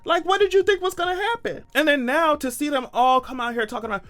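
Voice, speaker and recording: A man giving sarcastic, animated, profane commentary in a casual vlog. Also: very high-pitched, quick pace, faint music behind. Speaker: commentary vlogger.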